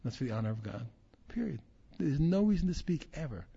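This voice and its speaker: Raspy rabbi guy giving a torah class, repeats himself a lot, dull lo-fi sound. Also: a little high, very animated, fairly quick, mellow. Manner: emphatic, repeats phrases, restarts, chuckles. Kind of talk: animated Torah class teaching. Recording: dull lo-fi recording.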